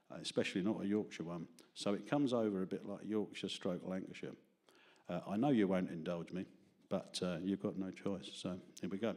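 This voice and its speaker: A man's voice: low-pitched, darkish tone. A man reading a poem to a small live audience in an arts-centre studio, then chatting with them in self-deprecating, jokey asides. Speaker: open mic performer.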